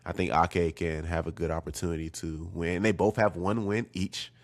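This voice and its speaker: Deep-voiced enthusiastic male podcast host. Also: little pitch movement, moderate pace. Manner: enthusiastic, conversational. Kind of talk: casual podcast chat.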